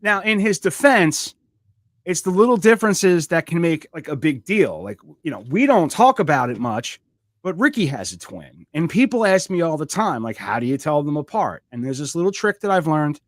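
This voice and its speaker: Animated joking man on a podcast. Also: a little high, normal speed, no room sound, clean studio sound. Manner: joking, animated, playful voice impressions. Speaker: podcast co-host. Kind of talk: casual comedic podcast banter.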